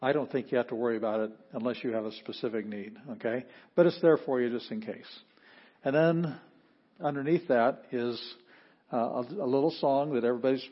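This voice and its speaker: A man teaching an informal Greek class, patient and halting, often pausing with ums and sounding out words slowly. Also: medium pitch, muffled recording.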